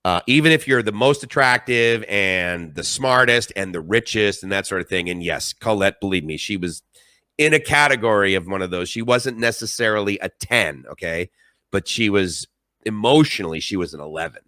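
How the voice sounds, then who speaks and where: Middle-aged male live-stream host, rambling and emphatic, low-pitched, dry close recording. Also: lively intonation, normal speed, sharp tone, no echo. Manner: rambling, emphatic and emotional storytelling. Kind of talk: casual live-stream monologue.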